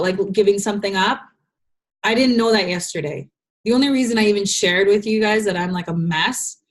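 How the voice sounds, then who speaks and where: A young adult woman leading a casual group coaching call, candid and emotional, full of fillers and restarts, fighting back tears. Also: medium pitch. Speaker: business coach.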